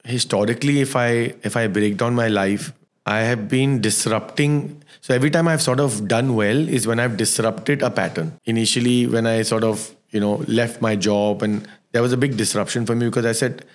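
A man's voice: mid-range voice, normal speed. A man from Dubai, a stand-up comedian in his thirties, telling stories casually in an interview and slipping into Hindi phrases. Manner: relaxed storytelling with jokes, mixing in Hindi phrases.

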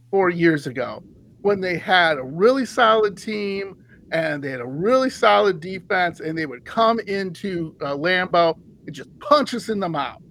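A man hosting a sports podcast, ranting in an animated, heated way and laughing often. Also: high voice, rough recording. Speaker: podcast host.

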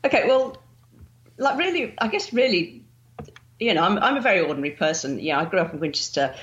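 A woman's voice: mid-range voice, expressive, fast talker, fairly bright tone, muffled recording. A middle-aged woman with an English accent, a guest on a podcast, talking in a chatty, easy way with lots of "sort of" and frequent laughs. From England. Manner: chatty, laughs often, many "sort of" fillers. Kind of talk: casual interview.

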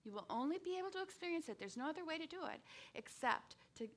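A woman in her sixties giving a conversational sermon with frequent restarts and lively bursts. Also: high-pitched, fast. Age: 60s or older. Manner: conversational, with many restarts and sudden bursts of animation. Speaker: speaker giving a devotional talk.

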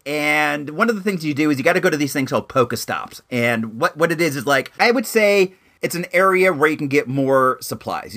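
A man's voice: medium pitch, a bit bright. A young man telling a rambling story in a casual vlog, with lots of fillers and restarts. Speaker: vlogger.

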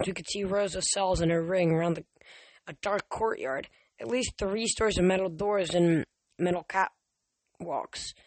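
A high-voiced man narrates a novel for an amateur audiobook, repeatedly fumbling and restarting words, with no echo in the recording.

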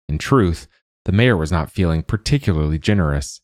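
Very deep-voiced male storyteller. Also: lively intonation, moderate pace, a little mellow, no room sound, clean studio sound. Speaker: narrator. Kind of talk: storybook narration.

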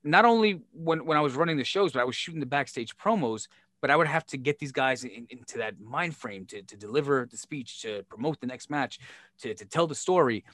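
A man's voice: mid-range voice, fairly quick, no echo. A man telling backstage stories in a casual podcast chat, swearing freely and acting out the exchanges he recalls. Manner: profane, animated storyteller who acts out quoted exchanges. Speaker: former wrestling promoter and show booker.

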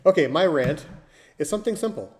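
A man's voice: on the high side, animated, brisk, a little mellow. A man on a casual podcast who talks in a laid-back, joking way.

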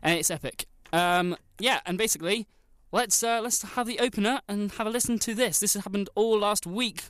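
A man's voice: high voice, brisk, a bit bright, smooth, no room sound. Male stand-in presenter, joking, self-mocking, dead-dry studio mic. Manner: playful, laughing, self-mocking. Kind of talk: casual chat on air.

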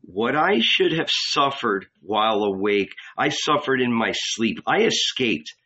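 A furious middle-aged man who insists he is Jesus, as an audiobook reader puts him on, pouring out a confession in a hot, rushing torrent. The voice is bright and forceful, and it comes through a dull, lo-fi recording. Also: mid-range voice, animated, slightly rough, exaggerated voice. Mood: raging confession. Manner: shouting, confessing in a rush.

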